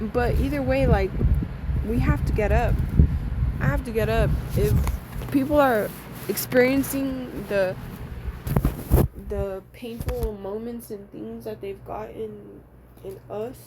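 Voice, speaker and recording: A woman's voice: a little high, fairly even intonation, measured pace, pauses often. Blunt young woman venting at home. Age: young adult. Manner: blunt, frustrated, swears freely. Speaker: vlogger. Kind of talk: candid personal vlog. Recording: noticeable background noise.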